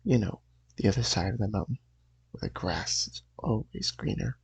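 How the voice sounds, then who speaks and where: A man voicing a spooky male comic-book horror host, low and gloating, with a raspy voice. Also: lively intonation, normal speed, dry recording, full character voice.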